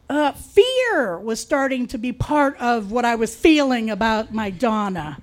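A woman tells a personal story with a high voice and a loose, conversational delivery. She drops wry, deadpan asides along the way. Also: measured pace, hardly any pauses.

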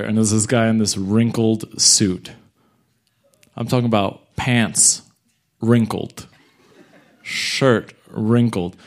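Animated slangy stand-up comedian man. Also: lowish voice, slow pace, pauses often. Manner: animated, slangy, jumps into voices. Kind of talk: stand-up storytelling.

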